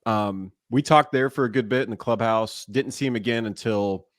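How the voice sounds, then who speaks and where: A man's voice: medium pitch, normal speed, no echo, clean studio sound. A man in his forties, a former ballplayer and guest, telling stories in a casual interview and laughing often. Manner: animated, laughs often mid-story. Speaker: guest, former baseball player and broadcaster.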